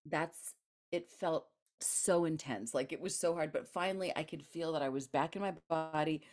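In an interview, a female guest author tells a personal story with lots of animation, laughing and imitating other people's voices. Her voice is low-pitched and her pace moderate.

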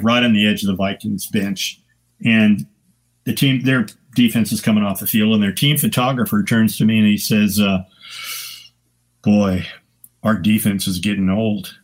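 An older man, a photographer on a podcast, telling sports stories casually with lively, profane energy, acting out the people he quotes. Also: medium pitch. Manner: animated anecdotes with profanity, acting out quoted voices. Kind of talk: casual storytelling.

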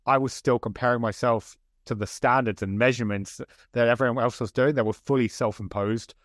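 A man's voice: medium pitch, fairly even intonation, brisk, no room sound, studio quality. A man who is a guest author and coach, speaking earnestly and motivationally in a podcast interview with many "like"s.

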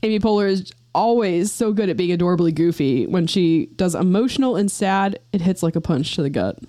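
A woman's voice: lowish voice, animated, a little fast, dark tone, no echo, clean studio sound. A woman co-hosting a casual podcast, reading out facts with playful, jokey asides. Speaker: podcast co-host.

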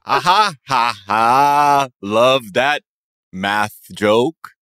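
A man's voice: mid-range voice, drawn-out words, bright, forceful tone, smooth, dry recording, studio quality. A man co-hosting a podcast, joking and riffing casually with frequent swearing. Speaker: podcast co-host.

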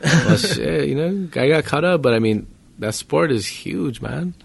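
A man's voice: on the high side, lively intonation, a little slow, creaky. A man in laid-back casual chat, swearing freely and calling others bro and dude.

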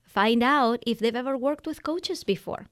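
A woman's voice: a little high, moderate pace. A woman hosting a business coaching podcast, giving advice in an emphatic, conversational way and acting out quotes from clients. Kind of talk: energetic solo podcast advice.

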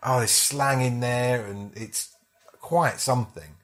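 A man's voice: medium pitch, slow, a bit bright. A man, an actor and comedian, chatting casually as a podcast guest in a meandering, self-interrupting way.

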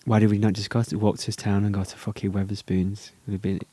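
A man's voice: on the low side, little pitch movement, fast, dark tone, breathy edge, no echo. A man in casual podcast chat, teasing his co-host with crude jokes.

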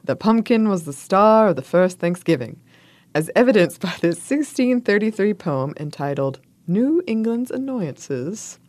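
A woman's voice: medium pitch, very animated, measured pace, a little mellow, dry recording. A woman co-hosting a casual chat, reading food history aloud with playful asides and frequent laughter. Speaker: podcast co-host.

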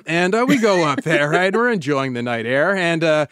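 A man co-hosting a podcast, telling a rambling, animated story in casual chat. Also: on the high side, moderate pace, clean tone, no echo, studio quality. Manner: animated, rambling anecdotes with restarts. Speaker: podcast co-host.

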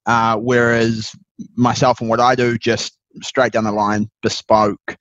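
A man from New Zealand with a Kiwi accent that slides toward Australian talks casually as an interview guest, easygoing and calling people "mate". His voice is mid pitched. The sound is dull and muffled, as over a remote line, and dry. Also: measured pace, no echo. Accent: New Zealand with some Australian. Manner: relaxed, says "mate", restarts often. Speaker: guest, buyer's agent.

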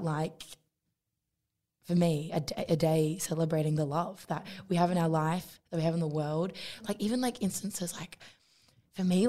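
A young woman co-hosting a podcast in a casual chat, animated and full of "like" fillers, acting out the quotes in her stories. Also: fairly low pitch. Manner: chatty, lots of "like" fillers and restarts; animated storytelling, acts out quotes.

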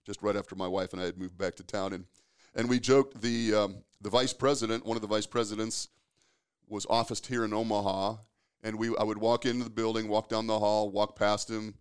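A man, hosting a casual conversation and telling stories in a relaxed way with filler restarts. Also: lowish voice, brisk, clear, resonant tone. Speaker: podcast host, safety professional.

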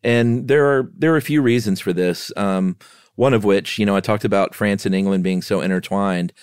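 A man co-hosting a podcast, explaining history in a relaxed way with playful asides. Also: lowish voice, normal speed, smooth, no echo, studio quality. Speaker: podcast co-host. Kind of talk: casual history chat.

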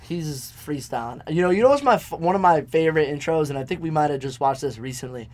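A young man with a slightly high voice chats casually and animatedly. He swears freely and keeps acting out little quoted lines as he talks. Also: lively intonation, quick pace, a little mellow. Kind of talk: casual chat.

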